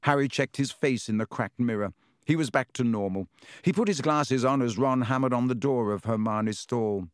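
A man narrates a storybook with a lively, varied reading. His voice sits at a middle pitch. The sound is close and dry, with no room around it. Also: normal speed, clear, resonant tone, no echo. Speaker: audiobook narrator. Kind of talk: scripted narration.

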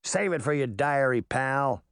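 A man's voice: medium pitch, animated, measured pace, a bit bright, clean tone, dry recording, clean studio sound. A man voicing a brash, cocky boy trickster fairy who teases and boasts. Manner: cocky, teasing.

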